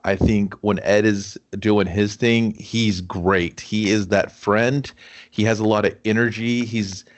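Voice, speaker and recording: A man's voice: fairly low pitch, steady tone, takes it slowly. A man co-hosting a podcast, giving rambling, profane opinions about a film, full of 'like' and restarts. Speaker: podcast co-host. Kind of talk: casual movie review chat.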